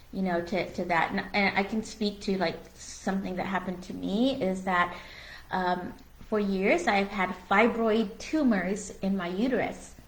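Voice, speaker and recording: A woman in a medium voice, talking through a relaxed spiritual conversation as co-host. She is earnest and open, full of "like" and "you know," and blunt enough to swear now and then. The room around her rings with a noticeable echo. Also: medium pitch. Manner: candid and earnest, with many fillers like "you know" and "like". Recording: echoey room.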